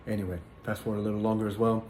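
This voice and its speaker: A man with a fairly low voice tells his religious testimony in an earnest, halting way. He stops often for fillers and repeats words as he goes. The recording sounds roomy, with a faint hiss of background noise. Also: little pitch movement, a little mellow. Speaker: person sharing a religious testimony. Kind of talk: personal testimony, casual spoken storytelling.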